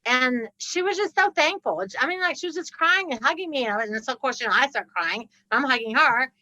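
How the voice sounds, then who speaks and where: A woman guest on a podcast, telling a story with lively laughter and acting out the people in it. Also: sits high, brisk, dry recording, poor audio. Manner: laughs often, acts out the people in her story. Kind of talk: animated storytelling.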